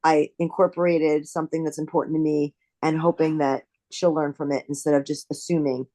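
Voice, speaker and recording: A woman's voice: low-pitched, little pitch movement, fairly quick, warm tone. A woman, a mother, sharing hesitantly with nervous laughs on a group video call.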